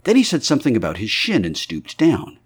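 A man's voice: mid-range voice, huge pitch swings, brisk, husky. A man reading a classic novel aloud as an audiobook narrator, telling it in a vivid way. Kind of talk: scripted narration.

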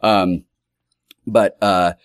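Deep-voiced rambling game master. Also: male voice, fairly even intonation, extremely slow, clear, resonant tone, no echo, studio quality. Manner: rambling, many fillers and restarts. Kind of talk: casual storytelling monologue.

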